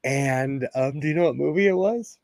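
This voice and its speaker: A man from California hosting a sewing livestream, telling stories in a playful, animated way with plenty of laughter. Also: medium pitch, moderate pace, gravelly, dry recording. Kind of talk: casual chat.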